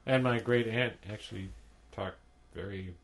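A man's voice: lowish voice, moderate pace. A man reminiscing in easygoing casual chat with his brother on a podcast. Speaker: podcast co-host.

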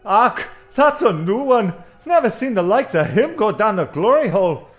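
A man voicing a gruff old mine foreman giving bossy orders to his workers. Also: high-pitched, big pitch swings, normal speed, soft background music.

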